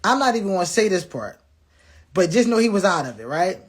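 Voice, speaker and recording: Husky, high-pitched man spinning a tale. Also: sing-song, a little fast. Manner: blunt, profane, acts out quoted dialogue; repeats and restarts words often. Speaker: vlogger telling a personal story. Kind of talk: casual storytelling to viewers.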